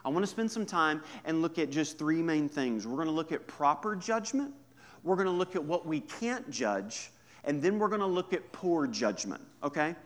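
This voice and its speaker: Male pastor, mid-high voice, chatty humorous sermon delivery, quiet asides and punchy emphasis. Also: lively intonation, normal speed. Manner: conversational and humorous, swinging from hushed to emphatic.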